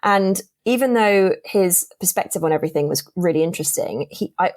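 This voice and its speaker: A young woman with a lowish voice speaks fairly quickly while recounting a dating story on a podcast. She's a lively storyteller, voicing the quotes of everyone involved in the casual chat.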